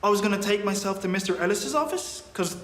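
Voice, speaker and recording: A man's voice: sits high, lively intonation, quick pace, fairly bright tone. An actor with an Irish accent playing a cheeky young street-smart sidekick who talks back to his boss. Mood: cocky. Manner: cocky, mocking. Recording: echoey TV scene audio with faint noise.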